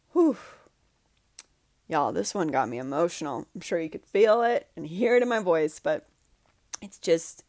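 A woman hosting a solo podcast, speaking earnestly and with feeling, often saying "like" and sometimes dropping to a soft, breathy voice. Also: fairly low pitch, expressive, takes it slowly, pauses often, no echo, clean studio sound. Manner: earnest, heartfelt, says "like" often; drops to soft, breathy guidance during a breathing exercise. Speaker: podcast host, coach. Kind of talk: emotional solo podcast talk.

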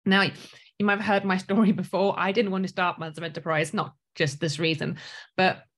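A woman's voice: lowish voice, level tone, a little fast, a bit bright. A woman in her thirties from South Africa with a mostly British accent and a light South African tinge, giving an earnest motivational coaching talk full of rhetorical questions. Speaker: business coach.

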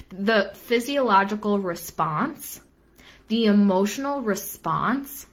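Casting note: young woman coach, earnest and lively, mid-pitched voice, repeats lines for emphasis. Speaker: business coach. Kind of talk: live-stream coaching talk.

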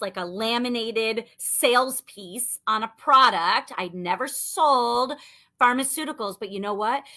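A woman in her thirties coaching listeners on sales, telling a story in an animated, chatty way full of "like". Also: mid-range voice. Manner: animated, chatty, lots of "like" and acted-out quotes. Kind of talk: motivational storytelling talk.

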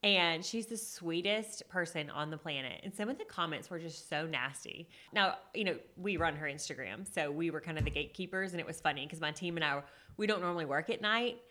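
A woman hosts a podcast interview, her voice lower-pitched yet bright and clear. She keeps things friendly and conversational, laughing along with her guest. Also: brisk, few pauses. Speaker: podcast host, marketer.

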